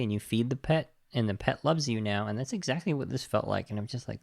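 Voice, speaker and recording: Male podcast host: low, gravelly, dry sound, animated and indignant. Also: fast, few pauses, dry recording. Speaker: podcast host reviewing a film. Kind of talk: casual film review chat.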